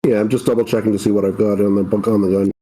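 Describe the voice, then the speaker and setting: A man's voice: on the low side, level tone, rapid-fire, mellow, a little hiss or hum, poor audio. A man playing an online tabletop game, stating his character's actions matter-of-factly. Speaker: player. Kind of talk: casual game talk.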